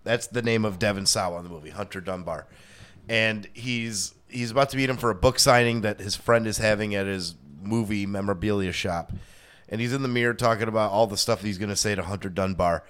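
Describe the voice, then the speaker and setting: A man's voice: on the low side, a little fast, fairly bright tone. A man co-hosting a casual movie podcast, retelling a film scene at length. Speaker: podcast co-host. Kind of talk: casual chat.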